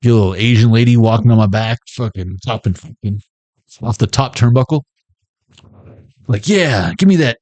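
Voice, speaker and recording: A man's voice: fairly low pitch, fairly even intonation, normal speed, pauses often, dark tone, dry recording. A man giving a casual tarot reading, rambling and cursing as he jokes and laughs at his own lines. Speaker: tarot reader.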